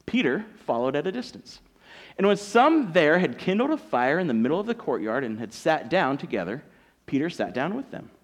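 A man preaching a sermon as pastor, telling a story with animated acted-out voices. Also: on the high side, fairly quick.

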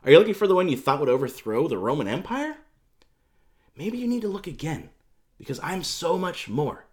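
A man voicing Jesus as a tender, gentle grown man in a sermon retelling, speaking softly and reassuringly. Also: fairly high pitch, sing-song, brisk. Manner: soft, reassuring, pleading.

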